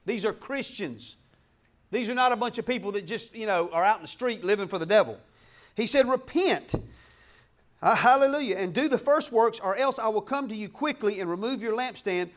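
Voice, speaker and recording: A man pastor preaching a passionate sermon in church, breaking into shouts and laughs. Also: high voice.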